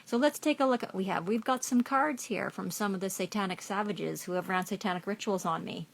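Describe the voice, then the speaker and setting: A woman's voice: mid-range voice, a little fast, vocal fry. A middle-aged woman ranting furiously into the camera, profane and accusatory, repeating herself as she goes. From Canada. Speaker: vlogger. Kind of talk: angry rant to camera.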